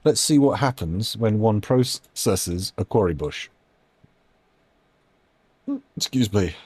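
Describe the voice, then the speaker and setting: A man's voice: on the low side, animated, slow pace, a little mellow, slightly rough, no echo. A man giving casual live-stream commentary while playing a game, rambling, musing aloud and making self-deprecating asides.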